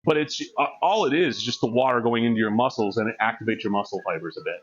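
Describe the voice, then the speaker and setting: A man's voice: mid-range voice, fast, muffled recording. A man streaming live during a gym session, chatting candidly and rambling, laughing often. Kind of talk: casual chat while working out.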